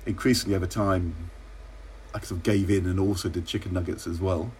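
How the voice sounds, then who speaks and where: A middle-aged man from England, a former minister, telling wry, measured stories in an interview. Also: deep voice, fairly even intonation, darkish tone, a little hiss or hum. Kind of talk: relaxed interview anecdotes.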